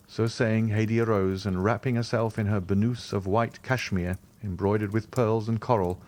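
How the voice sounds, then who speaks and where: A man narrating a classic novel as an audiobook, measured and formal. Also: fairly low pitch, fairly even intonation, a little mellow. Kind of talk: scripted narration.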